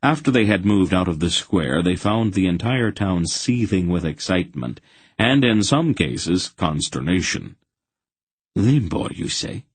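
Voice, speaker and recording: A man with a deep, husky voice reads a fantasy audiobook aloud. He shifts into different voices for the characters as the story moves along. The recording is close and dry. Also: lively intonation, unhurried, no echo. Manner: puts on voices for many characters. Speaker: audiobook narrator. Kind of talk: scripted fantasy audiobook narration.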